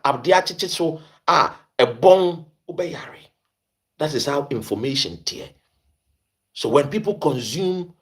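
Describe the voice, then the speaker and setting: A man with a Ghanaian accent delivers an impassioned, preachy commentary. His voice swings widely and sits a little high. He hammers his points by repeating phrases and slips into Twi. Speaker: host.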